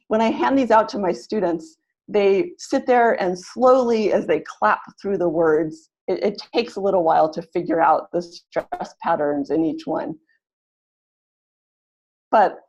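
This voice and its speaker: Lowish-voiced woman teaching a webinar. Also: darkish tone, highs cut off. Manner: upbeat, sounds out words slowly syllable by syllable. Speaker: teacher trainer.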